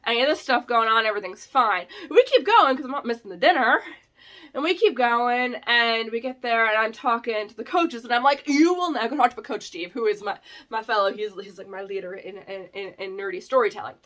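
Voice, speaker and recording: A woman's voice: fairly high pitch, a little fast. A woman in her thirties hosting a vlog, telling a story casually with many fillers and laughs. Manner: animated, filler-heavy, laughs often. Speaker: vlog host.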